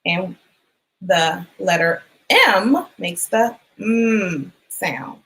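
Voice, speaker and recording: A woman teacher giving a phonics lesson for young children, sounding out letters and words clearly and encouraging them. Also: on the low side, expressive, very slow, a bit bright, low-quality recording. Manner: encouraging, asks questions and waits.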